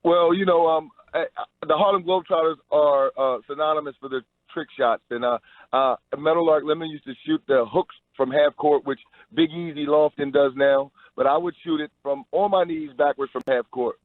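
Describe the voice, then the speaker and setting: A man's voice: fairly high pitch, normal speed, no echo. A man, a pro basketball player, giving an upbeat radio interview over the phone, stumbling into restarts as he talks. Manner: upbeat, promotional, with repeated restarts. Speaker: Harlem Globetrotters player, guest. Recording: tinny phone line.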